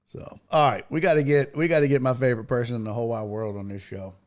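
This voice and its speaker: A man hosting a podcast, telling a story in casual chat, swearing freely and building to loud rants. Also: medium pitch, quick pace. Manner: profane, animated, rising to loud rants. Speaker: podcast host.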